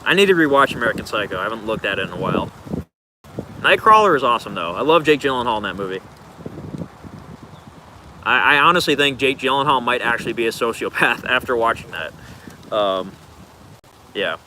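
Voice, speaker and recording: Male streamer, mid-range voice, relaxed and rambling Q&A delivery, noisy recording. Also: mid-range voice, quick pace, pauses often. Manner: rambling, laid-back, loose filler words. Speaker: streamer answering viewer questions. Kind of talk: casual livestream Q&A.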